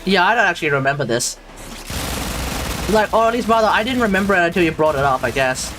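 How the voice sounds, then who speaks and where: A man's voice: high voice, lively intonation, fast talker, noisy background. Rambling Australian man streaming a game. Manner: rambling, restarts often, chats with viewers. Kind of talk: casual live-stream chat.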